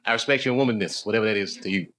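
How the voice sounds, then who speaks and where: A man's voice: fairly low pitch, rapid-fire, background noise. A man, a stand-up comedian, chatting casually and laughing with fans after a show. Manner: laughing, loose and joking. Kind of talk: casual banter with audience.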